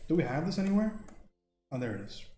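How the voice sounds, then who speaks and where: A man's voice: fairly high pitch, sing-song, fast talker, mellow. A man hosting a casual live stream while he draws, joking around, swearing freely and answering chat. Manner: joking, profane, reacts to chat. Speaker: livestream host. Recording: roomy echo with faint music.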